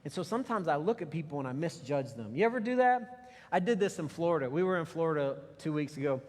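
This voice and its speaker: A man preaching a sermon as pastor, telling a personal story in a conversational way with animated asides. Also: on the high side, fast. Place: church sanctuary. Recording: long hall reverb.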